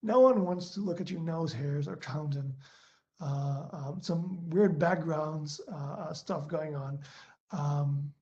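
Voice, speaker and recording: A man's voice: on the high side, takes it slowly, warm tone. Hesitant man presenting over a video call. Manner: hesitant, many fillers and restarts. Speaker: webinar presenter. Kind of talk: online presentation talk. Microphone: laptop built-in mic on a video call. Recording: dull lo-fi video-call audio.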